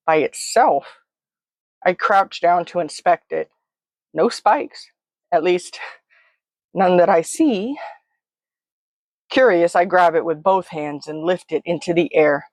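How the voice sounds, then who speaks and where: A woman's voice: fairly low pitch, slow, gravelly, pauses often, no room sound. A woman telling a first-person story in a vivid, present-tense, close way. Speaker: narrator.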